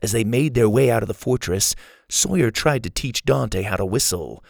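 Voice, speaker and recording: Animated man reading a storybook, gravelly. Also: medium pitch, moderate pace, no echo, clean studio sound. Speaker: narrator. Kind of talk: children's storybook narration.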